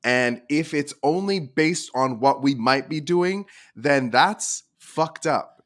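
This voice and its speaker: A man's voice: medium pitch, slow pace. A man co-hosting a podcast in casual chat, acting out bits of dialogue as he talks. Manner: animated, acts out quoted dialogue. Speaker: podcast co-host.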